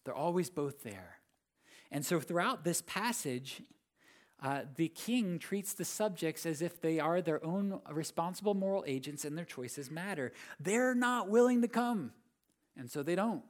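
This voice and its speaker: A pastor preaches earnestly in a voice on the high side, with lively intonation and a moderate pace. He builds to emphatic, rising peaks and keeps repeating key phrases.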